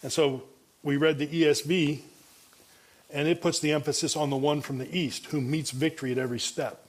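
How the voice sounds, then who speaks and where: A man's voice: on the high side, steady tone, fairly quick. A male pastor preaching an expository sermon, reading and comparing Bible translations, often restarting his phrases. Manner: frequent restarts and repeated words.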